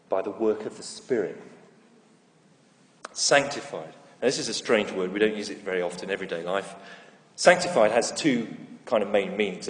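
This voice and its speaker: Preacher in an echoey hall. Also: male voice, lowish voice. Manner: storytelling, emphatic with slow repeated phrases. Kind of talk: sermon.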